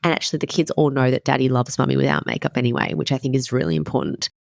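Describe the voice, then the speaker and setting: A woman's voice: a bass voice, sing-song, rapid-fire, gravelly, no echo, studio quality. A woman in her thirties hosting a casual motivational podcast as a wellness coach, candid and emphatic, swearing casually.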